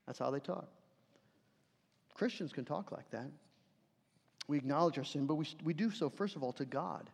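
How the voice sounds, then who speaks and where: A man preaching a sermon as a pastor, earnest, swinging between forceful passages and hushed ones. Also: medium pitch, moderate pace, gravelly, long pauses. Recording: long reverb of a large hall.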